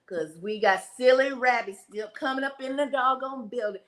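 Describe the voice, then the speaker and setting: A woman hosts a live stream and speaks in a fairly high voice. She is sassy and scolding, and she drags out her mocking taunts. She keeps dropping folksy pet names and exclamations between her remarks. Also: moderate pace, a bit bright. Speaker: livestream host reacting to a video. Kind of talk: live reaction commentary, reading chat comments.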